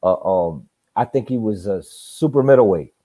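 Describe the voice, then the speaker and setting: Animated man telling profane boxing stories. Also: fairly low pitch, moderate pace, no echo. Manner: animated, profane, acts out punches with sound effects. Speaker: host of a live boxing chat. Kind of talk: casual storytelling chat.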